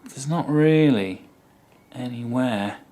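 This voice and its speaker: A man's voice: mid-range voice, slow pace, warm tone. A man presenting a guitar in a casual, rambling way, with many ums and asides. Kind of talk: casual talk to camera.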